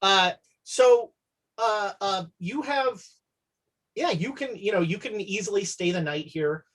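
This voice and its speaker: Husky woman game master. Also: medium pitch, lively intonation, measured pace. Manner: hesitant, many fillers. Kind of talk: narrating a tabletop game.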